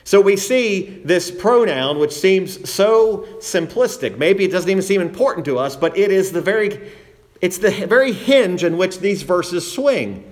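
Earnest preacher man, slightly high voice. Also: animated, unhurried. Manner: earnest teaching, repeats phrases for emphasis. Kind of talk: sermon.

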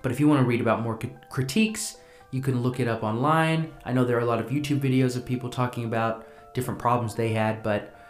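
A man's voice: medium pitch, fairly even intonation, quick pace, echoey room, faint music behind. A young man co-hosting a podcast, chatting casually with lots of fillers and a self-deprecating ramble. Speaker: podcast co-host.

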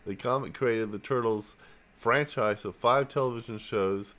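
A man's voice: mid-range voice, a little slow, a bit bright. A man co-hosting a podcast, easygoing, reading notes aloud with fillers. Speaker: podcast co-host. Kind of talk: casual podcast chat.

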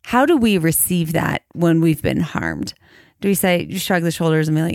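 A middle-aged woman talks through a podcast conversation in an earnest, reflective way. She slows down to lean on the words that matter most. Her voice sits a bit low, and the sound is dry and close with no room around it. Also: big pitch swings, darkish tone, no echo. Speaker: podcast co-host. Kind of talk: casual conversation.

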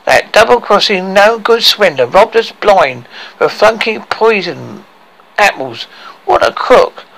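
A man's voice: high voice, animated, slow, vocal fry, fairly bright tone, voice pushed up, exaggerated voice, rough recording. A man voicing a scheming male dwarf trickster in an improvised story, sly and bargaining.

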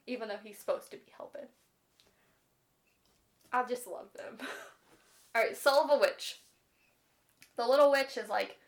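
A woman co-host talks through book plots in a loose, chatty way. Her voice sits a little high. She is animated, sprinkles in "like" constantly and swears without a second thought. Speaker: podcast co-host. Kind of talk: casual chat about books.

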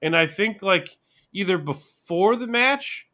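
A man co-hosting a podcast in casual chat, rambling and self-deprecating as he thinks out loud. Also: sits high, animated, slow pace. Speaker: podcast co-host.

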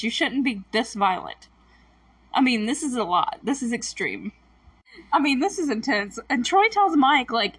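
A woman's voice: on the high side, animated, moderate pace, fairly bright tone, breathy edge, dry recording, far from the mic, poor audio. A woman casually recapping a TV episode, laughing often and acting out the characters' lines. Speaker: recap host.

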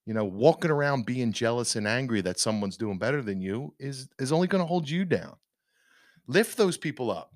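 A man holds forth on a casual podcast, emphatic and ranting, often restarting his sentences. His pitch rises and falls widely. The sound is dry and close. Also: expressive, moderate pace, no room sound. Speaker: podcast co-host. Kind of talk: casual opinion chat.

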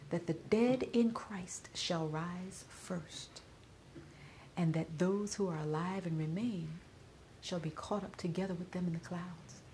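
A middle-aged woman podcaster giving a personal spoken reflection while grieving, often dropping to a soft whisper. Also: on the low side, unhurried, slight background noise.

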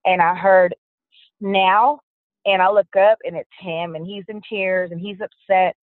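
A woman, a guest telling her own story in an interview, frank and steady, with many fillers. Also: fairly low pitch, moderate pace, no room sound. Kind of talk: personal testimony interview. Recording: dry, tinny phone-line sound.

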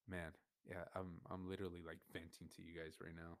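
Young male podcast host, low voice, dry close sound, emotional venting, swears and restarts often. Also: completely flat delivery, fast, no echo. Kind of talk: personal venting monologue.

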